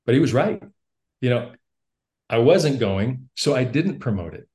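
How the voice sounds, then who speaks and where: Guy guesting on a podcast, medium-pitched voice, tells his story all animated, laughs a lot, stumbles over his words. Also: unhurried. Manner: animated storyteller who laughs often and repeats words when starting sentences. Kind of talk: storytelling in casual conversation.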